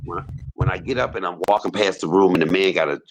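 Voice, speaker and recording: Gravelly man preaching from a hospice bed. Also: sits low, steady tone, fast talker, slight background noise. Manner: gravelly, husky voice, preachy and emphatic. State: in pain. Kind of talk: casual preaching talk. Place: hospice room.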